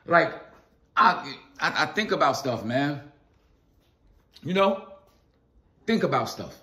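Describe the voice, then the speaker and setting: A man's voice: on the high side, big pitch swings, slow pace, bright, forceful tone. A man vlogging a casual philosophical monologue, repeating phrases for emphasis and calling out to his viewers in loose slang. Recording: echoey room.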